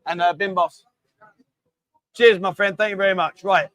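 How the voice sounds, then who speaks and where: A man's voice: high-pitched, fairly even intonation, moderate pace, fairly bright tone, no echo, rough recording. A man hosting a casual live show in a bar, joking, coaxing guests into quizzes and drinking games, calling them darling. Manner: jokey, bossy, coaxing, calls people darling. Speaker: host.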